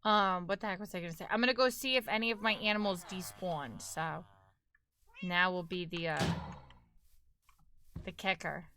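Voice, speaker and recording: Young woman game streamer, bright lowish voice, rambling casual chat, faint hiss behind. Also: normal speed, pauses often. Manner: rambling, filler-heavy, self-correcting. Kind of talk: casual live-stream chat while gaming.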